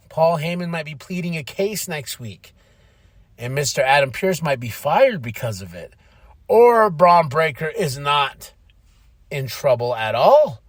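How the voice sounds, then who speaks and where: Excitable man recapping wrestling. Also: sits high, dry recording, studio quality. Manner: excitable, acts out quotes. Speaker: podcast host. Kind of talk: casual recap of a wrestling show.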